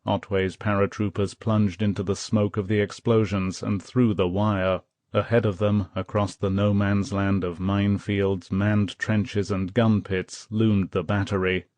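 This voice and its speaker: A man narrating a war history audiobook, reading dramatically and calling out the quoted shouts. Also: lowish voice, dry recording. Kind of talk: scripted narration.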